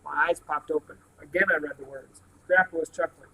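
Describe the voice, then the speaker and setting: A man reads a novel aloud, one chapter a day. His voice sits a little high for a man, and he tells the story plainly and steadily, tripping over a word now and then. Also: fairly even intonation, a little fast, creaky, sharp tone, a little hiss or hum, rough recording. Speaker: reader.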